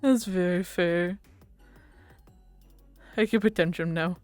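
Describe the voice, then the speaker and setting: A woman's voice: on the low side, slow, no room sound, faint music behind. A woman streamer chatting casually with her viewers, rambling and laughing often. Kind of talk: casual livestream chat.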